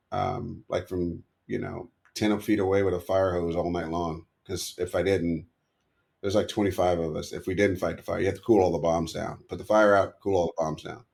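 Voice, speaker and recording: Middle-aged man, low gravelly voice, rapid talk, rambling self-correcting storytelling, podcast guest. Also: a little mellow. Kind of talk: storytelling in an interview.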